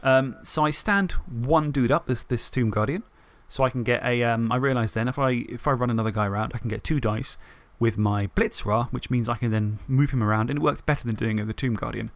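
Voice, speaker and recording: A man on a podcast, telling the story of a tabletop game match in a lively way, swearing and acting out his own thoughts. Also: mid-range voice, brisk, hardly any pauses, no echo. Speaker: podcast co-host. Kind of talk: casual tabletop game recap.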